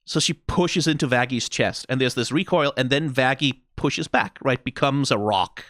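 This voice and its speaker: A man hosting a reaction video, talking through the animation in a casual, animated way, full of "like" and "right?" and the odd curse. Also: medium pitch, moderate pace, dry recording, clean studio sound. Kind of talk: casual analytical commentary.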